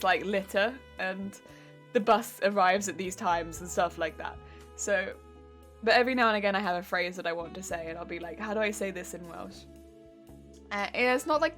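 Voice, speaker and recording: A woman craft streamer chatting casually on a live stream while hoarse, her wheezy voice cracking as she talks. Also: mid-range voice, fairly bright tone.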